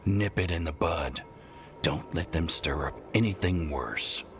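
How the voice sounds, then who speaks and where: A commanding elf ranger chief in a fantasy video game, his voice sitting extremely low and heavy. He is stern and protective of his forest, and he gives orders in short, blunt lines. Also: measured pace, faint music behind. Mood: grim, determined. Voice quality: very deep, commanding.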